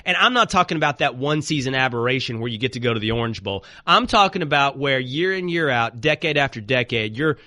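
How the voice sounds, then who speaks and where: Animated bright-voiced talk radio host. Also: male voice, mid-range voice, dry recording, studio quality. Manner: animated, joking, quick asides.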